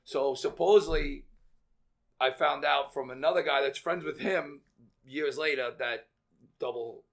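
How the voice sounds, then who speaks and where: A man guest on a podcast telling lively stories in casual chat, swearing freely and acting out the people in them. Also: a little high, a little slow, vocal fry. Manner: animated, swears freely, acts out voices. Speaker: podcast guest, real estate veteran. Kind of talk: casual storytelling.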